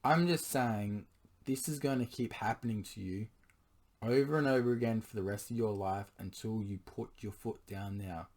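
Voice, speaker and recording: A man's voice, a little low and gone hoarse, carries a late-night confessional monologue. He talks in an earnest, pleading way, pausing often to clear his throat as his voice gives out. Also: a little mellow. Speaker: vlogger addressing his partner.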